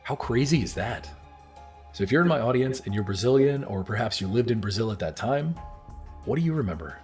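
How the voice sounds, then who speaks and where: A man's voice: medium pitch, lively intonation, fairly quick, darkish tone, soft background music. A man in his thirties giving earnest, scripted narration and asking the viewers questions directly. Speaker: video narrator.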